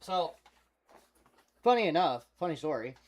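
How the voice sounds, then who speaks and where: A man's voice: a little high, big pitch swings, measured pace. A young man chatting casually on a headset mic, telling a long rambling story full of swearing. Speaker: streamer. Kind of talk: casual chat.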